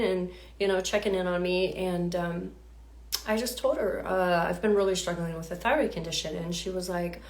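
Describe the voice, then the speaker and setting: A woman in her thirties, a health coach, telling her own story to viewers in a lively, chatty way, full of fillers and acted-out quotes. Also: on the low side, normal speed. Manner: animated, acts out quoted voices, many fillers.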